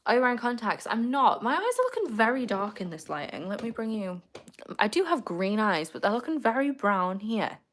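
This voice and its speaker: A young woman, streaming live and reading out her viewers' comments. Her pitch swings freely as she teases the chat and breaks into laughs. Casual, chatty and playful throughout. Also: big pitch swings, brisk, fairly bright tone. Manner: playful, teasing, laughs often. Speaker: livestreamer.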